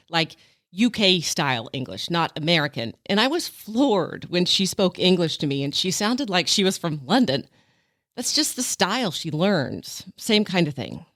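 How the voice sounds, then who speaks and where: A woman's voice: on the low side, very animated, moderate pace, fairly bright tone, no room sound, studio quality. A woman hosting an interview, asking curious questions and adding explaining asides. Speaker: podcast host. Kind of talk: interview and commentary.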